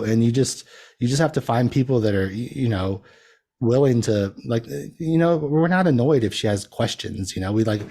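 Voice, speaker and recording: A man's voice: medium pitch, warm tone. A man talking as a podcast guest in casual chat. He rambles, uses many fillers and laughs often.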